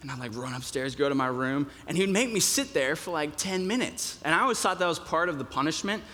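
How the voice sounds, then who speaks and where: A man's voice: on the high side, expressive, fairly quick, pushed and bright. Man preaching with hall reverb. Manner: conversational, with many fillers and restarts. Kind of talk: sermon.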